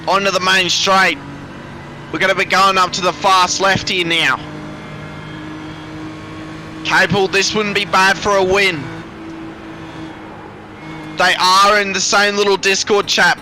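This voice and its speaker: A man calling a sim race live, excitable and rambling, a little out of breath. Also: sits high. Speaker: sim racing commentator. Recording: noisy background.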